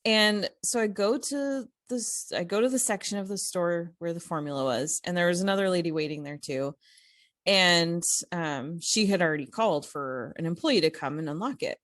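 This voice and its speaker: A woman with a lowish voice chats on a podcast, recorded dry and close to the mic. She tells her story in a loose, animated way, full of "like" and "you know" and restarts. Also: normal speed, no echo. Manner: animated, many fillers and restarts. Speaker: podcast co-host. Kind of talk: casual conversational storytelling.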